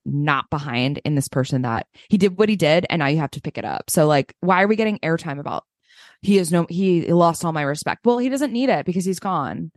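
A woman co-hosting a casual podcast chat, animated and blunt, swearing and mocking people in put-on voices. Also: lowish voice, no echo, studio quality. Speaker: podcast co-host.

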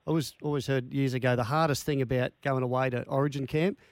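A man's voice: medium pitch, fairly even intonation, quick pace, no room sound. An Australian man hosting a sports radio show, chatting in a folksy way and leading with anecdotes. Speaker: radio host. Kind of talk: casual sports radio interview.

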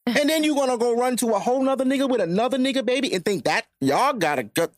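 A man's voice: extremely high pitch, lively intonation, quick pace, few pauses, no room sound, studio quality. A man in his thirties hosting a podcast, talking bluntly and profanely in casual chat. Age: 30s. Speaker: podcast host.

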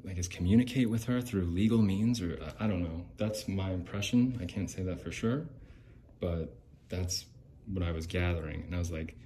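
A man with a low, mellow voice delivers a casual podcast monologue. He rambles and restarts often, and his tone turns sarcastic and bitter. A faint hiss sits under the recording. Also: moderate pace. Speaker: podcast host.

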